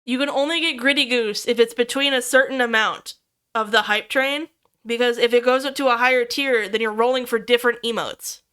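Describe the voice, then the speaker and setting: A young woman streams and chats casually with her viewers, excitable and quick to swear or squeal at anything cute. Her voice sits high and sounds bright. Its tone is smooth and crisp. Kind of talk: casual livestream chat with viewers.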